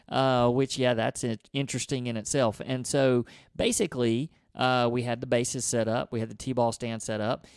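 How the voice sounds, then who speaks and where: A man's voice: medium pitch, a little mellow, clean tone, dry recording, clean studio sound. A man, co-hosting a podcast and telling a childhood story in casual conversation, acting out his own thoughts as he goes. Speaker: podcast co-host.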